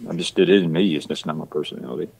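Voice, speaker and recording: Casting note: very deep Georgia man, halting guest speech. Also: creaky, a little mellow, slightly rough, rough recording. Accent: Georgia Southern US. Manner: halting, repeats words. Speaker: actor, guest. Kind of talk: casual chat.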